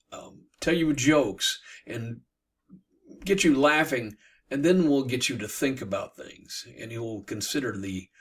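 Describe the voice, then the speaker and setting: A man teaching literature by retelling a bawdy classic tale in a playful, animated way. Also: mid-range voice, slightly rough, recorded from a distance.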